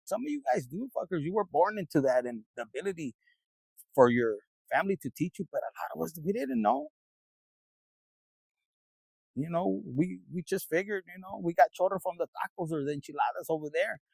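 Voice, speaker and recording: A man with a high, gravelly voice rambles through a casual tarot reading in a dry, close sound, cursing freely and talking straight to his viewers in a loose, streetwise way. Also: lively intonation, brisk, darkish tone, no echo, low-quality recording. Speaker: tarot reader.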